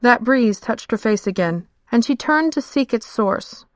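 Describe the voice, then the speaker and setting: A woman narrating a fantasy story in a measured, steady storytelling manner. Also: on the high side, no echo, clean studio sound. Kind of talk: scripted fiction narration.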